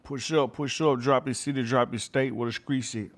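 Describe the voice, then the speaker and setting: Guy hosting a youtube live, mid voice, keeps repeating catchphrases, reads the chat out loud. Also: medium pitch, steady tone, moderate pace. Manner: repeats catchphrases, reads chat names aloud, chuckles often. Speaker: YouTube channel host. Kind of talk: livestream chat with viewers.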